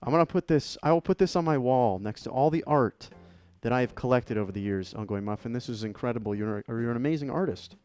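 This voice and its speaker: A man's voice: medium pitch, fast talker, hardly any pauses, darkish tone, smooth, soft background music. A man hosting a live stream, opening fan mail and chatting in a playful, joking, thankful way. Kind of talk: casual live-stream chat.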